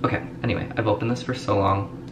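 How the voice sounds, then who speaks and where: A man's voice: lowish voice, fairly even intonation, fast. A young man chatting casually to camera in a vlog, rambling with lots of fillers. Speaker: vlogger. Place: Los Angeles, at home and in a car. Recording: home vlog with clear ambient noise.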